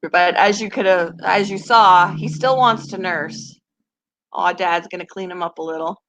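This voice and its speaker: A woman's voice: lowish voice, normal speed, fairly bright tone, a little hiss or hum, rough recording. A woman hosting her pet channel, chatting casually to viewers and gushing over tiny baby animals. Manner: chatty, gushing, laughs often. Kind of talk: casual live chat to viewers.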